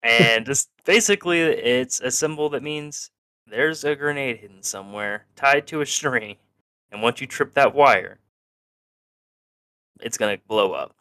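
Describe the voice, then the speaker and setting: A man's voice: mid-range voice, measured pace, bright, forceful tone, smooth, no echo. A man co-hosting a podcast, recapping an episode in casual chat, laughing often and acting out characters' lines. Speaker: podcast co-host.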